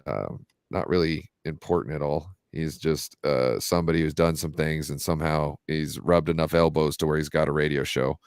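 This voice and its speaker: Low, smooth-voiced man rambling casually. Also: no echo, studio quality. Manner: rambling, animated storyteller with many fillers. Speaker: podcast co-host. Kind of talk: casual sports chat.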